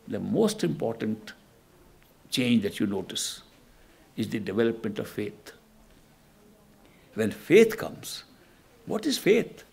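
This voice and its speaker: A man's voice: medium pitch, creaky, darkish tone, husky. A man who is a spiritual teacher, giving a reflective talk, telling stories and asking rhetorical questions. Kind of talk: spiritual discourse.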